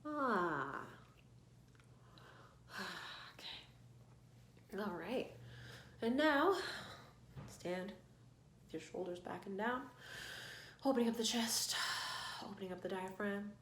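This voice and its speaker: A woman singing coach guiding an online vocal warm-up lesson, giving calm, coaxing instructions. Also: medium pitch, unhurried, pauses often, echoey room, slight background noise.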